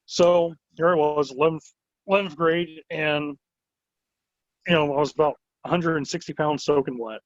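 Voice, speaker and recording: A man in an interview rambles through his stories with lively energy, leaning on "like" as filler. His voice sits a touch high for a man. The recording is dull and lo-fi with a dry, close sound. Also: no echo. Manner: animated, rambling, many "like" fillers. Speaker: wrestling promotion owner. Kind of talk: casual storytelling interview.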